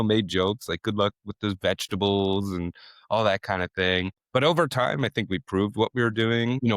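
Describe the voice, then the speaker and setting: Laid-back man with a low voice. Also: clean tone, no room sound, clean studio sound. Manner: relaxed, chatty, quotes people in animated voices. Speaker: chef and restaurant owner. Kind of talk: casual interview talk.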